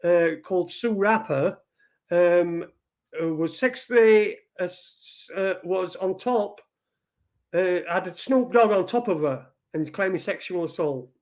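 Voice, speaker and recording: A man's voice: high-pitched, measured pace, darkish tone. A man hosting a live stream, rambling through news headlines in a casual, sweary commentary. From Britain. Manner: rambling, swears often, reads headlines aloud.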